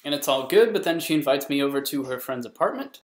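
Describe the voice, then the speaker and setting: A man's voice: mid-range voice, expressive, quick pace. A young man telling a rambling comic story in a vlog, full of absurd, self-mocking jokes. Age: young adult. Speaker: vlogger. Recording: roomy echo.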